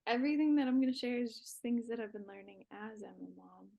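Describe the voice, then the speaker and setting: A young woman, a podcast guest, talking in a relaxed, reflective way about faith and new motherhood. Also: on the high side, fast, creaky, poor audio. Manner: reflective, talks with her hands. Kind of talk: casual faith talk.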